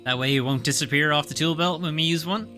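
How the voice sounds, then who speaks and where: A man's voice: on the high side, quick pace, pushed and bright, faint music behind. A man live-streaming a video game, chatting wryly and reading the game text aloud. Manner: wry, swearing casually.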